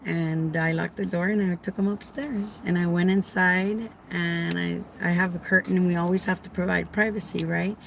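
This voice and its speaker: A woman's voice: on the low side, normal speed, creaky, hardly any pauses, a little hiss or hum. A middle-aged woman caregiver tells a story to her viewers in a casual way, acting out the dialogue and raising her voice when she quotes herself. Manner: animated, acts out dialogue, raises voice when quoting herself.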